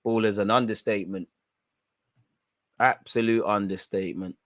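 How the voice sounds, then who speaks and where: A young man hosting a football watch-along, reacting loudly in slangy, shouty commentary. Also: fairly low pitch, moderate pace, no room sound. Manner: excitable, shouty and slangy, chanting and yelling at the referee.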